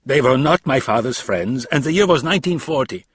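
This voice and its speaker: A man's voice: mid-range voice, expressive, a little fast, husky, voice pushed up. A man voicing a fussy, proud male Swiss banker, speaking in an indignant, emphatic way.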